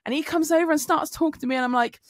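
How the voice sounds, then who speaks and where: A woman on a podcast, telling an animated story with swearing. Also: high-pitched, very fast, no room sound, clean studio sound. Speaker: podcast co-host. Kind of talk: casual chat.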